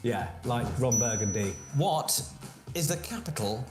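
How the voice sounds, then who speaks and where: A man's voice: mid-range voice, animated, unhurried. A man hosting a live-streamed pub quiz, playful and cheeky, bantering with his audience. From Buckinghamshire, England. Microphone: phone. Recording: roomy room sound with faint music.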